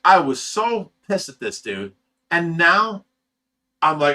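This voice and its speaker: Very animated yet slow, this man's voice is on the high side, bright and forceful. He runs a fish rescue and, sleep-deprived, tells a livestream story in a heated, profane way, stumbling over repeated words.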